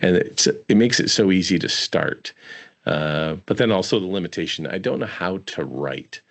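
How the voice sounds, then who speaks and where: A man hosting a casual interview, telling stories in a relaxed way. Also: sits low, moderate pace, creaky. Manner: relaxed storyteller, laughs easily. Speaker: podcast host.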